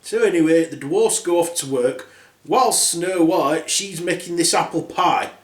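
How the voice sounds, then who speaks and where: A man's voice: fairly high pitch, unhurried. Man rambling a crude fairy tale. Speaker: storyteller host. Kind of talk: comic fairy-tale retelling. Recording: roomy echo.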